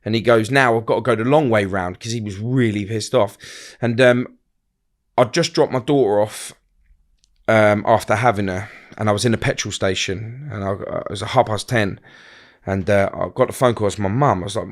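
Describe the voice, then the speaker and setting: A middle-aged man telling a personal story in a blunt, halting way, often restarting his sentences and acting out other people's words. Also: fairly low pitch. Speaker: guest.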